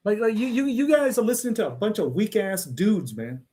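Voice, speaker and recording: Man, livestream host, casual monologue; brash, blunt delivery, a touch higher pitched than most. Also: expressive, brisk, mellow. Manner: repeats "man" and "okay?" as tags.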